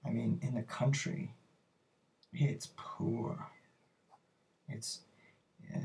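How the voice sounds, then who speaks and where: A man's voice: mid-range voice, little pitch movement, extremely slow, pauses often, darkish tone. A man teaching a poetry lesson, talking it through thoughtfully and searching for words as he explains.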